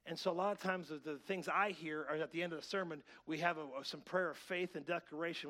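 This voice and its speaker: A man pastor preaching a sermon, swinging between loud, excited preaching and quiet asides to his church, wearing a clip-on mic. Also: a little high, fast, hardly any pauses. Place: church sanctuary. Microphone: clip-on mic that keeps slipping.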